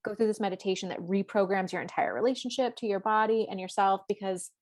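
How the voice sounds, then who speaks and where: Woman, podcast co-host, casual astrology chat, rambling and filler-heavy, mid-range pitch. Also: fast talker. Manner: chatty, rambling, full of "like".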